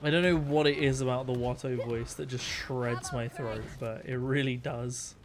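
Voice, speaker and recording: A man's voice: medium pitch, steady tone, normal speed, a loud crowd. A man streaming a game, chatting in a joking, rambling way. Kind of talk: casual gaming stream chat.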